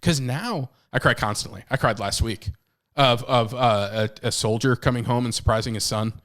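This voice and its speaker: A man in his thirties co-hosting a podcast, talking candidly and with animation, swinging between loud and hushed. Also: medium pitch, moderate pace. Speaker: podcast co-host. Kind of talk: casual chat.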